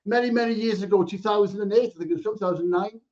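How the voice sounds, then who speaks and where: A man's voice: sits high, fast talker, darkish tone, lo-fi sound. A middle-aged man hosting an interview, easygoing and laughing along. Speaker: podcast host.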